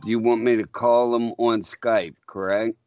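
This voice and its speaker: Un hombre, copresentador de radio, que habla con calma mientras marca una llamada. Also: male voice, mid-range voice, normal speed, clean tone, no echo, muffled recording, faint music behind. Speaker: radio show co-host. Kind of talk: casual radio chat.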